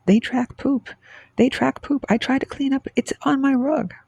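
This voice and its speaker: A man's voice: very high voice, steady tone, moderate pace, gravelly, a little mellow, breathy edge, no echo, pitched above the performer's own voice, heavily acted. A man voicing an upset older male homeowner with a heavy accent, repeating his complaint. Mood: exasperated. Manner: repetitive, exasperated complaining.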